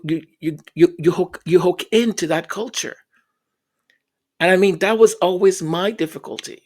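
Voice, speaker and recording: A man giving earnest, reflective commentary. He often repeats words as he searches for them and acts out the voices he quotes. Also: sits high.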